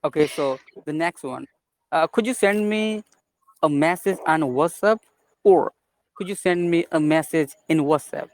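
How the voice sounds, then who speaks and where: A man's voice: a little high, a little slow, a little mellow, no echo. Polite, hesitant man student. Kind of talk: asking questions in an online class.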